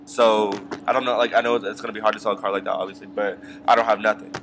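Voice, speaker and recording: A young vlogger tells a long story as a casual, rambling rant, swearing freely and packing it with ums and side remarks. His voice is lowish and level, and he talks quickly over a noisy background.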